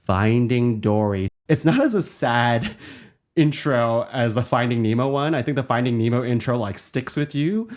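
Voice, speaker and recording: A man's voice: medium pitch, normal speed, darkish tone. A man co-hosting a podcast, chatting casually as he recaps a film, laughing often and acting out quoted lines. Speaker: podcast co-host.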